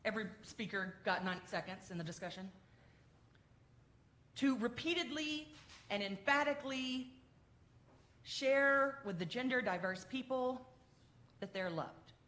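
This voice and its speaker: A woman minister giving an animated, heartfelt address to her congregation and quizzing them along the way. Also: fairly high pitch, a little slow, pauses often. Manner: animated, quizzes the congregation, grows tender and emotional. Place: church sanctuary. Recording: echoey sanctuary.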